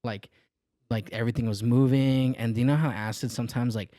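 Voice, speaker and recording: Young guy on a podcast just rambling through a story, tons of "like", mid pitch, dry close mic. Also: steady tone, a little fast, dark tone, no echo. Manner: laid-back, rambling, heavy use of filler "like". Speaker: podcast co-host. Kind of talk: casual storytelling.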